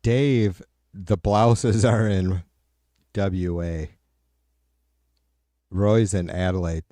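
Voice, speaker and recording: A man's voice: deep voice, steady tone, extremely slow, dark tone, no room sound. A middle-aged man hosting a livestream, chatting casually with viewers and answering their comments aloud in a profane, rambling way. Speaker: livestream host.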